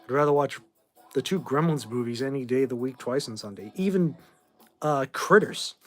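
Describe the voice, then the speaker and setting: Speaking in a mid-range voice at a moderate pace, this forties-aged host from Boston, Massachusetts, rambles casually through viewer questions on a livestream chat, never shy about blunt opinions. Soft music plays behind him.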